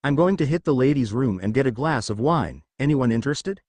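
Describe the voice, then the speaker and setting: A man reads a shy, hesitant young woman in this storybook reading. She speaks softly and a little unsure. The voice moves up and down freely and sounds close and dry. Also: mid-range voice, lively intonation, fairly quick, no echo, natural voice.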